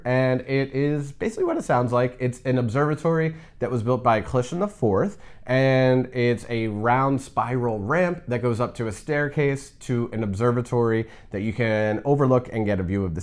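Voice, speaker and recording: A man co-hosting a casual reaction chat, joking with a mock-exasperated tone and lots of "like". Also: medium pitch. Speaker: co-host.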